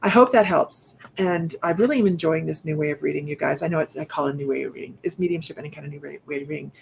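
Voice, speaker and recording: Soft-spoken woman medium, halting. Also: low-pitched, steady tone, creaky, slight background noise. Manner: soft, halting delivery with many restarts; speaks straight to viewers. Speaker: psychic medium. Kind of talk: live-streamed psychic reading.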